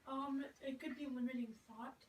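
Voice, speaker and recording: A young woman answering grammar questions in a home lesson, thinking out loud and hedging with "like" and "so". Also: sits high, fairly even intonation, moderate pace. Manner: thinks aloud with "like" and "so". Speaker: student. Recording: roomy, distant mic with faint noise.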